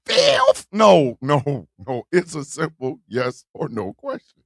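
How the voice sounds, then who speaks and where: Brash high-voiced man with a lively pitch. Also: takes it slowly, vocal fry, no echo, studio quality. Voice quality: brash, profane, laughing often. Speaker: live-stream host. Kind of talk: loud comedic live-stream chat.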